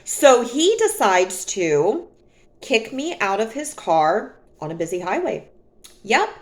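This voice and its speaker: A woman vlogger calmly and emphatically retelling a personal story in a storytime monologue. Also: on the high side. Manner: calm, emphatic, dramatic retelling.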